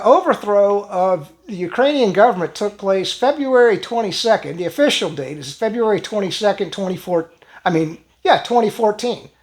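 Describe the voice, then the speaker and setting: A woman hosting a casual vlog, talking in a rambling way with lots of fillers and restarts, chuckling now and then. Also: mid-range voice. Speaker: channel host.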